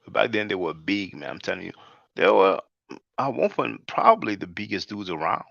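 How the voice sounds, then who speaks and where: Very animated yet moderately paced, this man's fairly low, creaky voice has a fairly bright tone and no room sound. Hosting his channel, he rambles casually through commentary, addressing his brothers and sisters and saying "man" a lot, all in dull lo-fi dry audio.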